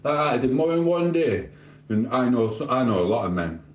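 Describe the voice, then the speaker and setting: A man's voice: mid-range voice, big pitch swings, moderate pace, echoey room. A man from Sheffield with a Sheffield accent, live-streaming in casual chat, reading out viewer comments and answering them in a cheeky, rambling way. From Sheffield, England. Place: home living room.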